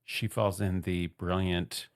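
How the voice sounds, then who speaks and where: A woman with an unusually deep voice co-hosts a podcast, chatting casually. She talks bluntly, laughs easily and likes to set things straight. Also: little pitch movement, takes it slowly. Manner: blunt, laughs often, clarifying. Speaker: podcast co-host. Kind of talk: casual chat.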